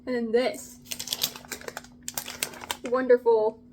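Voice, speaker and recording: A young woman vlogging about food in a casual, gushing, excitable way, with drawn-out exclamations. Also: on the high side, background noise.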